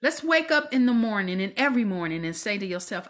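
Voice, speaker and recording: A woman hosting a faith-based podcast, speaking in a preachy, exhorting way and often dropping into soft whispers. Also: medium pitch, big pitch swings, fast talker. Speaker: podcast host.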